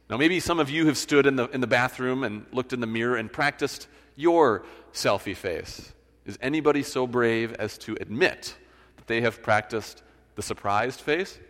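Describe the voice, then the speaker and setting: This is a male pastor with a medium-pitched, slightly bright voice, preaching in a church sanctuary. He delivers the sermon like a conversational story and keeps restarting phrases, with the reverb of a church hall around him.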